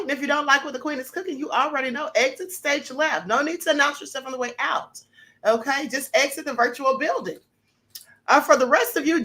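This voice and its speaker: A woman hosting a live-streamed talk show, reading viewer shout-outs in a sassy, gossipy, teasing way, her voice a little hoarse. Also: high voice. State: slightly hoarse.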